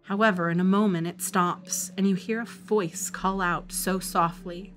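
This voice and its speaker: A woman narrating a folk horror tabletop game as dungeon master, describing scenes calmly. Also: lowish voice, unhurried, soft background music.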